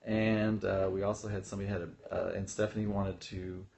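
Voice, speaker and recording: A man with a fairly low voice hosts a casual livestream. He is bubbly and excitable, greets each viewer by name and laughs often between thoughts. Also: brisk, vocal fry. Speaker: livestream host, angel intuitive medium.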